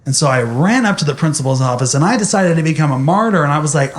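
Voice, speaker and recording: A man's voice: a little high, expressive, quick pace, hardly any pauses. A young man speaking animatedly to an audience, telling a personal story in a motivational talk.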